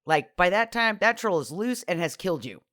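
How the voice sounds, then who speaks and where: A podcast co-host chats casually about a movie, and their pitch rises and falls a lot. They think out loud, hedging with "kind of" and "I don't know," recorded dry and close to the mic. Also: very animated, normal speed, no echo. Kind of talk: casual chat.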